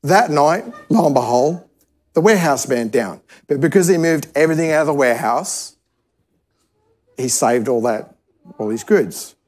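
A man's voice: a little high, expressive, moderate pace. A man preaching a sermon to a church service, telling a parable in an easygoing, conversational way and often restarting his sentences. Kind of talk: sermon teaching.

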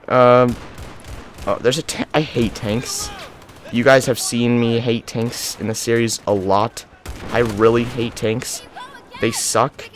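A man's voice: fairly low pitch, a little hiss or hum. A young man casually commenting on his gameplay, rambling and breaking into panicked yelps and whining. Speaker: gaming YouTuber.

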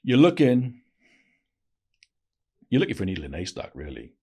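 A man's voice: medium pitch, wildly swooping pitch, a little fast, a little mellow, husky. A man, a podcast guest telling blunt, slangy anecdotes with frequent restarts in a casual interview. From Wales. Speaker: podcast guest, former intelligence operative.

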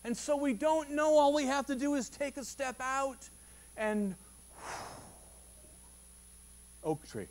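Pastor guy giving a sunday sermon, pretty high voice, chatty and animated, restarts a lot, ramps up when he makes a point. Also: slow pace, long pauses. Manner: animated and conversational, with frequent restarts and rising emphasis. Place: church service.

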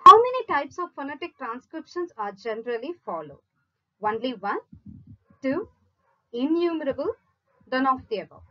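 A woman teacher slowly reading out multiple-choice questions, listing each option before giving the answer. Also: high voice, very animated, dull audio. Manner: measured, reads each option in a list then gives the answer. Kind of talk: slow read-out quiz lesson.

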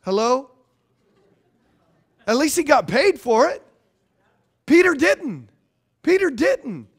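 A male pastor with a high, light voice delivers a sermon. He preaches in a casual, animated way and keeps repeating key phrases for emphasis. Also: slow pace.

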